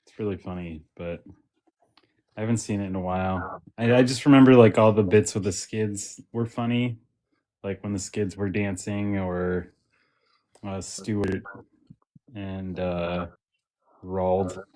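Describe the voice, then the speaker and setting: A man with a fairly low voice chats loosely on a podcast with friends. He circles around his point, full of "like" and restarts. His talk stays relaxed and conversational. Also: unhurried, pauses often. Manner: rambling, with many fillers and restarts. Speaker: podcast co-host. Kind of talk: casual chat.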